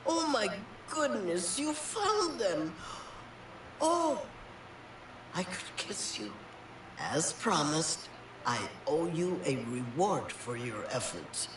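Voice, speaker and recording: Fretful game villager woman, pleading, slow, lively pitch, echoey distant noisy sound. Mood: grateful. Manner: pleading, then gushing with relief. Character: fretful village woman who lost her potatoes.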